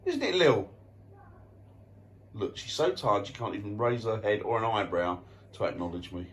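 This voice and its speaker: A man's voice: fairly low pitch, fairly quick. A man, joking and teasing his family in a casual home vlog. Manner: teasing, playful banter. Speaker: family vlogger.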